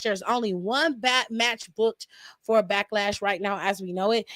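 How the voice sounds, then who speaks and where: A woman's voice: a little high, a bit bright, no room sound. A young woman hosting a casual live-stream aftershow, chatty and laughing often, talking straight to her viewers from home.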